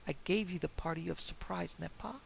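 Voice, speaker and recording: A woman doing a dapper little French detective with a lilting French accent, airy and mocking, tossing off French phrases in a gravelly voice. The storybook sleuth speaks evenly, without much rise and fall. A faint hiss sits under the recording. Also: deep voice, steady tone, normal speed, low-quality recording. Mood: taunting.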